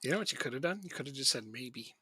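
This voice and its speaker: A man's voice: on the high side, expressive, very fast, bright, forceful tone, breathy edge, no echo. A man streaming a game, chatting casually and joking with a lot of laughter. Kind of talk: casual gaming chat.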